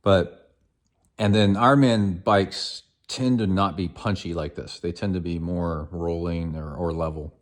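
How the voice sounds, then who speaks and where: A man's voice: deep voice, fairly even intonation, a little slow. A man hosting an endurance sports podcast, chatting casually on the go with lots of ums and uhs. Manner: rambling, filler-heavy storytelling. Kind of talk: casual chat on the go.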